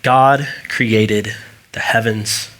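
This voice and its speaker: A man's voice: fairly low pitch, steady tone, extremely slow, a bit bright. A man preaching a sermon as pastor, talking casually, telling stories with asides and fillers. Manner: conversational, storytelling with asides and fillers.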